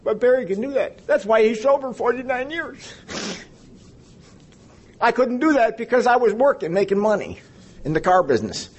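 A man's voice: extremely high pitch, very animated, moderate pace, pauses often, slightly rough. A man in his fifties sharing his story at a recovery meeting, a rambling storyteller who jokes with the audience. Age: 50s. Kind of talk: personal testimony to an audience.

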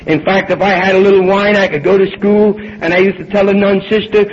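An older man at a recovery meeting, telling his own story in an animated way and acting out the dialogue. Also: high-pitched, fairly quick, hardly any pauses. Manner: animated storyteller, acts out dialogue, swings between loud and hushed. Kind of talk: personal storytelling talk. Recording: dull lo-fi recording with faint hiss.

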